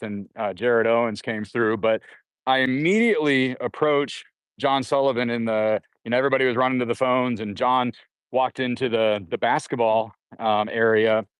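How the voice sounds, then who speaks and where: A man telling a long personal story in a casual way, full of fillers and restarts, who puts on higher voices when quoting others. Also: smooth, no echo. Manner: rambling with frequent fillers and restarts; acts out quoted voices in a raised pitch. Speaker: guest recounting jail time.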